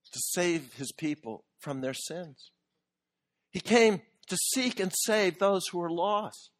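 Man with a high voice giving an earnest sermon, slow pauses then big emphatic bits. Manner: earnest, building to emphatic peaks with long pauses. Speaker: preacher.

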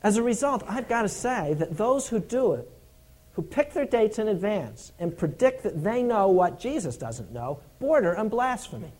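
A man's voice: sing-song, normal speed. Earnest man preaching a sermon. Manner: earnest, emphatic, repeats key points; drops to a low, hushed tone for stories.

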